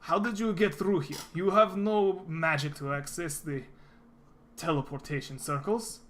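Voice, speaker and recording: A man's voice: a little high, steady tone, unhurried, fairly bright tone. A man voicing a perturbed dwarven man who questions someone with clipped, suspicious words in a tabletop game.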